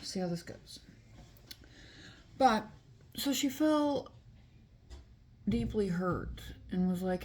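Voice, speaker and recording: A woman's voice: mid-range voice, expressive, slow, long pauses, a little mellow, slight background noise. A woman chatting casually while doing her makeup, retelling a myth with lots of fillers and asides. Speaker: beauty vlogger.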